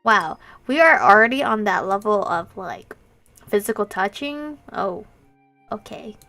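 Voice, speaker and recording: A young woman hosting a let's-play, reading a visual novel aloud with expressive, giggly reactions. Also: mid-range voice, measured pace, soft background music.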